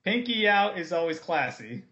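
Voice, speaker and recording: A man's voice: high voice, very animated, sharp tone. A man co-hosting a podcast in casual chat, throwing in joking remarks. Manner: joking, quick interjections. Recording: dull lo-fi podcast audio.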